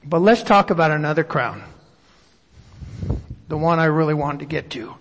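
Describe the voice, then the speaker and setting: Guy preaching in a church hall, kinda high voice, long echo, reads scripture and asks questions. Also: expressive, normal speed, slight background noise. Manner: reflective, asks rhetorical questions; reads scripture aloud at length. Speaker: pastor. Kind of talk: sermon with scripture reading.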